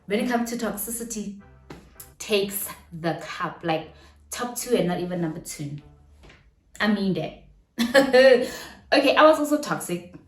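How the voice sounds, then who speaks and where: A South African woman in her twenties telling a story from her own life in a chatty, animated vlog, mixing slang and local phrases into her talk. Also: mid-range voice. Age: 20s. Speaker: vlogger. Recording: roomy room with faint music behind.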